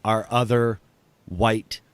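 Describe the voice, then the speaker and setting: A man's voice: fairly low pitch, takes it slowly, clean tone, no room sound. A man who hosts and does stand-up, chatting casually and animatedly with lots of fillers. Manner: animated, rambling, with many fillers. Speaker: podcast host and stand-up comic. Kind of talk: casual comedic chat.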